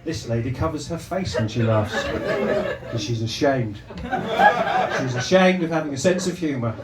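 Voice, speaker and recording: In an echoey comedy club with a far-off mic and loud noise, a man does live stand-up crowd work. His mid-range voice moves at a moderate pace as he teases the audience, rambling and restarting with stammers.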